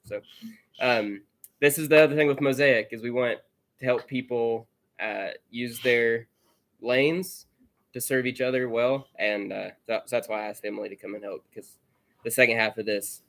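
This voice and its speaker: A man leading a small church gathering, speaking in a relaxed, conversational way as he introduces a sermon. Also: mid-range voice, moderate pace. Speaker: pastor.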